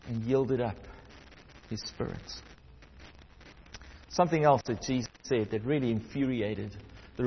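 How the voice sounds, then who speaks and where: A man preaching a sermon, reading scripture aloud and swinging between raised emphasis and hushed, quiet passages. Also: a little high, long reverb tail, muffled recording. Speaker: pastor.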